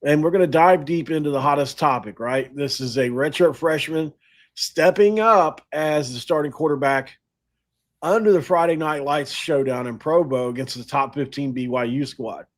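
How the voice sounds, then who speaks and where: A man's voice: on the high side, normal speed. A man hosting a sports podcast, talking casually and in a rambling, self-deprecating way with frequent laughs. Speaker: podcast host.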